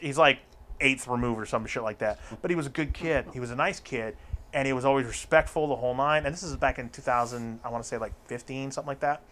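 A man's voice: medium pitch, fast talker, a bit bright. Profane, rambling male storyteller. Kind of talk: casual storytelling chat.

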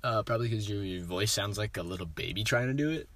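A young man co-hosting a casual podcast in a car, goofy and quick to laugh. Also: on the low side, no room sound. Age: young adult. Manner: goofy, laughing, bursts into yelled voices. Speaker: podcast co-host. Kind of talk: casual chat. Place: parked car.

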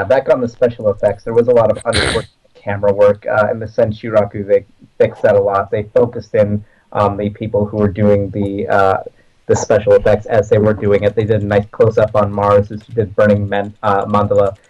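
A man hosting a casual fan chat, talking in a relaxed, rambling way with many fillers. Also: on the low side. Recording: dull lo-fi audio.

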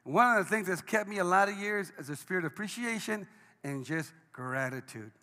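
A man, a pastor, preaching a sermon, swinging between hushed lines and shouted ones. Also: high-pitched, expressive, a little fast. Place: church sanctuary. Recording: long hall reverb.

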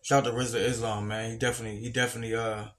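A man's voice: mid-range voice, racing, slight background noise. A man co-hosting a podcast in casual chat, talking emphatically and repeating his points. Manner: animated, emphatic, repeats himself. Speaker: podcast co-host.

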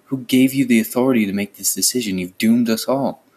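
A man's voice: mid-range voice, a little fast, a little mellow, slightly rough, close to an everyday voice. A man reading as an angry, reproachful villager.

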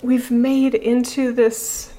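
A middle-aged woman spiritual teacher speaking slowly and haltingly, emotional and near tears, with pauses and sighs. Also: fairly high pitch, flat delivery, mellow. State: emotional, tearful. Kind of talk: reflective spiritual talk.

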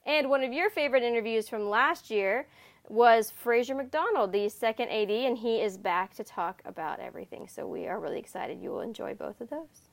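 A woman co-hosts a podcast with a somewhat high voice. She rambles casually with fillers and laughs easily. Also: lively intonation, fairly quick. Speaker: podcast co-host.

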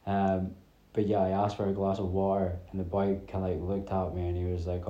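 A man in his thirties from north-east Scotland rambles through a chatty solo podcast, dropping his T sounds. His voice is low, dark and mellow, and it stays fairly level in pitch. The sound carries an echoey room around it. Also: monotone, moderate pace, dull audio. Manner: rambling, chatty storytelling with many fillers. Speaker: podcast host. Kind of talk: casual solo podcast chat.

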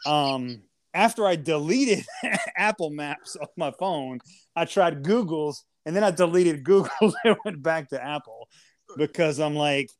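Man, podcast co-host, casual banter, profane, ranting, higher-pitched. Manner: profane, ranting, mock-insulting.

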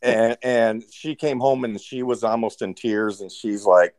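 A man's voice: mid-range voice, a little slow, a little mellow, a little hiss or hum. A man who is a guest on a horror podcast, telling stories in an easygoing, chuckling way. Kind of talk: casual chat.

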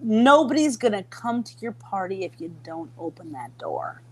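A middle-aged woman from Minnesota spins a rambling, animated story in relaxed conversation. She jumps in and out of quoted voices and trips over restarts as she goes. Her voice sits at a middle pitch for a woman. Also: normal speed, breathy edge. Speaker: podcast guest. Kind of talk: casual storytelling chat.

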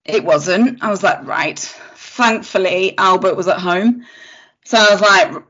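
A woman's voice: on the low side, unhurried. A woman, a podcast guest, telling a story in casual chat, acting out what people said and laughing often. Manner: animated, acts out quotes, laughs often. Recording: lo-fi podcast audio.

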